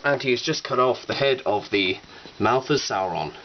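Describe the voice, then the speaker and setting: A man's voice: mid-range voice, animated, normal speed. Chatty man giving a collection tour. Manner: chatty and upbeat, with playful asides. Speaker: toy collection vlogger. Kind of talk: casual show-and-tell tour. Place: room at home with display shelves. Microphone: cheap digital camera. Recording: dull camera audio with faint hiss.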